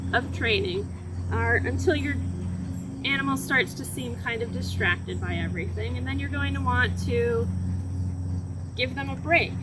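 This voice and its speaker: A woman hosting a library lesson, casually explaining dog training step by step outdoors on grass and praising the dog as she goes. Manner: explains steps while training a dog, breaking into high praise for it. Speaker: library program host. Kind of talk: casual instructional demo. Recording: noisy outdoor recording.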